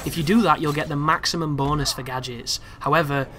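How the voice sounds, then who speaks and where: A young man talks over his gameplay in a casual, rambling walkthrough. His voice sits a little high and sounds bright and forceful. He gets excitable and swears freely as he chats to his viewers. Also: fairly quick, a little hiss or hum. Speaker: gameplay commentator. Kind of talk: casual game walkthrough commentary.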